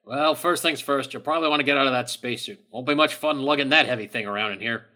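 Bright-voiced man running a tabletop game. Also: mid-range voice, fast. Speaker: game master.

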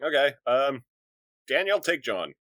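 A man playing a tabletop role-playing game, talking in an animated way and switching between character voices. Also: medium pitch, measured pace, dry recording. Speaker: tabletop player.

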